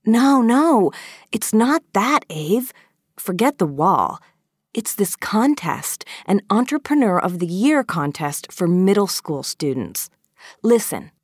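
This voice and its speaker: Woman reader as confident teen girl, brisk, matter-of-fact, lowish voice, dry close sound, storybook. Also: sing-song, dry recording, heavily acted. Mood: eager. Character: ambitious, self-assured young teen girl.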